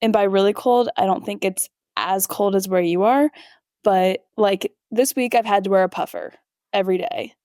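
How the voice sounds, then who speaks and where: A woman's voice: mid-range voice, normal speed, a little mellow, no room sound, clean studio sound. A young woman co-hosting a podcast in casual chat, upbeat and enthusiastic, using fillers as she talks. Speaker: podcast co-host.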